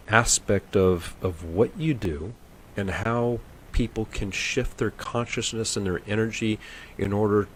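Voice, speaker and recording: A man's voice: lowish voice, slight background noise. A man hosting an interview on an internet radio show, friendly and joking with his guest. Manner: friendly, upbeat, jokey.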